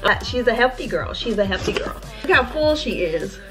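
A bubbly, excitable woman chatting straight to her viewers while unboxing in a casual vlog, recorded indoors. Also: on the high side, normal speed, faint music behind. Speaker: beauty vlogger.

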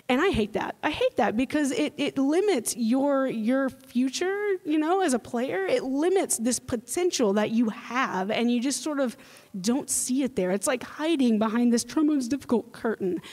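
Animated woman presenting a convention panel. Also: sits high, measured pace. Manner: animated, playful, mimics voices. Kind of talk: lively convention panel talk. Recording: reverberant hall.

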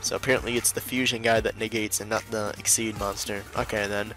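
A man's voice: fairly low pitch, little pitch movement, a little fast, a bit bright, soft background music. Exasperated, sarcastic male game commentator. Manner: exasperated and sarcastic, frequent laughs. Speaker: video host and duel commentator.

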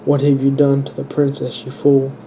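A man's voice: mid-range voice, completely flat delivery, moderate pace, muffled recording, slight background noise, close to an everyday voice. A worried young knight, read by a man. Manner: plain, barely changed reading voice.

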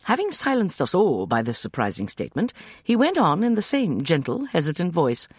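A man narrating an audiobook in a wry, expressive manner. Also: a little high, a little fast, breathy edge, dry recording, clean studio sound.

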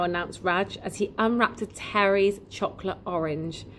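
A woman reading a children's novel aloud in an expressive, lively storytelling manner. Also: mid-range voice, normal speed, few pauses, slight background noise. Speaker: reader.

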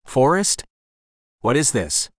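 A man's voice: medium pitch, big pitch swings, slow, no echo, clean studio sound. A man voicing an earnest, determined young male dragon prince in an audiobook. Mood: resolute.

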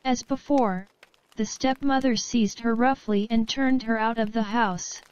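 A woman narrating a children's fairy tale in a slow, even storybook reading. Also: a little high, smooth, no echo, lo-fi sound.

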